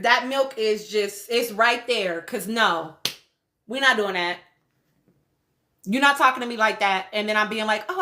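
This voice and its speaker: Woman host, high bright voice, blunt and cussing in casual recap talk. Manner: blunt, profane, animated commentary with laughs. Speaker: podcast host. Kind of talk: casual reality-show recap livestream.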